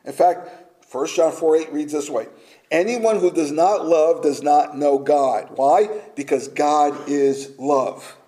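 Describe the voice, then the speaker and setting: A man preaching a sermon slowly and emphatically, sometimes dropping to a near-whisper for effect. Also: a little high, warm tone, poor audio.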